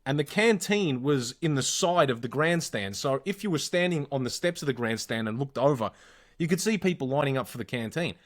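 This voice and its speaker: An Australian man co-hosts a casual podcast, telling long anecdotes peppered with swearing. His voice sits at an ordinary middle pitch and stays relaxed and chatty. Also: fairly quick. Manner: swears freely, animated anecdotes. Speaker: podcast co-host. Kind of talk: casual storytelling chat.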